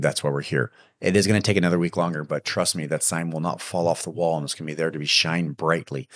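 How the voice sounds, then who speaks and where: A very deep-voiced man talks straight to his listeners like a coach. He is emphatic and hands out practical business advice. The sound is dry and close, with no room echo. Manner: emphatic, coaching, acts out sales pitches. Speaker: podcast host. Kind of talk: casual business advice monologue.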